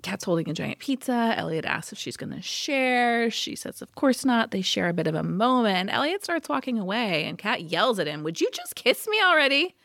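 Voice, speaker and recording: A woman's voice: mid-range voice, expressive, moderate pace, gravelly, hardly any pauses, fairly bright tone, dry recording, clean studio sound. A woman co-hosting a podcast, casually recapping a TV episode and acting out the characters' lines. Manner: chatty, acts out quoted lines. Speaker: podcast co-host.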